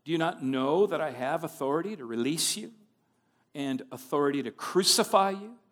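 A man's voice: on the high side, lively intonation, moderate pace, a bit bright, pitched above the performer's own voice. A man voicing an exasperated, commanding Roman governor in a raised, emphatic reading voice. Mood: insistent.

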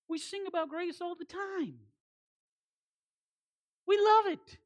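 High-voiced animated woman preaching. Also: takes it slowly, pauses often. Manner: animated, emphatic repetition; conversational with folksy asides. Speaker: guest preacher. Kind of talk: sermon.

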